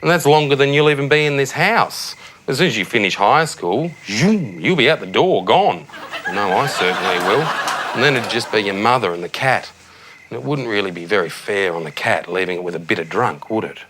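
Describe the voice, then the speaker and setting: A blithely tactless Australian suburban dad, played by a man talks to his son at bedtime, chummy and breezy, with his pitch swinging up and down. Crickets and hiss sit clearly behind his voice in the night-time bedroom. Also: lively intonation, fairly quick, natural voice. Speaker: father tucking his son into bed. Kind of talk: TV sketch comedy acting. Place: child's bedroom at night, a TV set.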